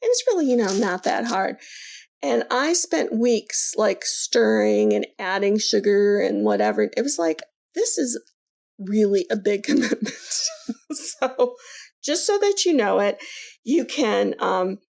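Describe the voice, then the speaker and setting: A middle-aged woman with a gravelly, creaky edge, chatting on a podcast. She rambles along in easy, everyday talk, trailing off and picking the thread back up. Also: mid-range voice, lively intonation, unhurried, darkish tone. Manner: chatty, rambling, laughs easily. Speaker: co-host. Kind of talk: casual podcast chat.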